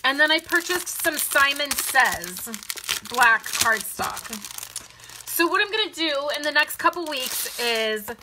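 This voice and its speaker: A woman's voice: high voice, lively intonation, slow pace, pauses often, noisy background. A woman hosting a live card-making stream, chatting casually and greeting viewers by name. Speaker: card-making livestream host.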